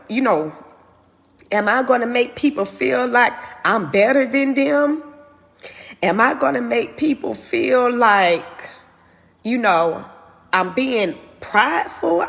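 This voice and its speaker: A woman shares a personal story in an earnest, open way. Her voice sits high and swings widely in pitch, and she talks at an unhurried pace. A long reverb trails behind each phrase. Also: creaky. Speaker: host. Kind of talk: personal testimony talk.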